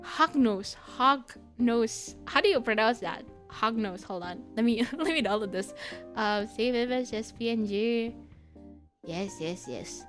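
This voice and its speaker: A young woman streaming and chatting casually with her viewers, giggling often and squealing when excited. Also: on the high side, unhurried. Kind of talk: casual chat with chat. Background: soft background music.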